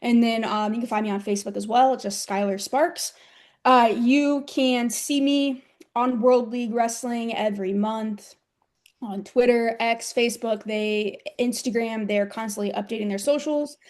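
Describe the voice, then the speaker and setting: A woman's voice: a little high, steady tone, unhurried, a little mellow. Chatty young American woman wrestler. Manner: giggly, chatty storytelling. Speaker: professional wrestler guest. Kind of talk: casual interview chat.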